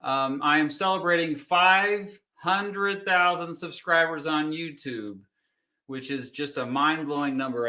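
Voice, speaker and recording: A man in his thirties from Kansas hosting a relaxed livestream, joking and chatting while he eats pizza. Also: on the high side. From Kansas, United States. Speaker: YouTube host. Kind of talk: casual livestream chat.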